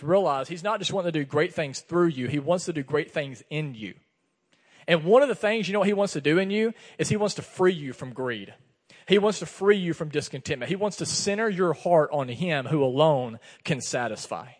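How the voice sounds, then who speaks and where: A pastor preaches in a church sanctuary, his fairly high voice moving a little fast as he tells a personal story. He narrates with animation and acts out the dialogue, and a long hall reverb trails his words.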